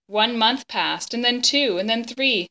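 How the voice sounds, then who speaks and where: Bright-voiced woman reading a storybook aloud. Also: on the high side. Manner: gentle, expressive, pauses to explain. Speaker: reader of a children's book. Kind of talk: reading a chapter book aloud to children.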